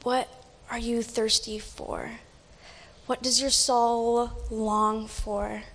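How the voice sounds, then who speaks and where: A woman with a slightly high voice speaks slowly, asking searching questions. Her phrases trail off into a hush. The long reverb of a large hall surrounds her. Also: flat delivery. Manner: questioning, slow, hushed toward the end of phrases. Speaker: reader of a devotional reflection. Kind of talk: personal devotional reflection.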